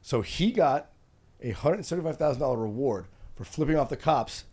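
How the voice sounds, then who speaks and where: A man's voice: medium pitch, animated, fairly quick, a little mellow, breathy edge. A man hosting a podcast in casual, crude chat, swearing often. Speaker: podcast host.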